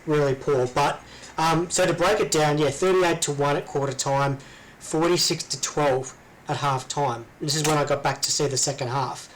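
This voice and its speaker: Co-host: Australian man, slightly higher voice, talkative, meandering. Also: fairly even intonation, moderate pace, a little hiss or hum, low-quality recording. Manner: rambling, full of ums and restarts. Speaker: podcast co-host. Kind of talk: casual chat.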